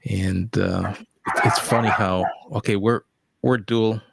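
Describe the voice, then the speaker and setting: Gravelly low-voiced man from Canada. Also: fairly even intonation, measured pace, background noise. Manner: easygoing, chuckles at his own anecdotes. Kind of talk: casual chat.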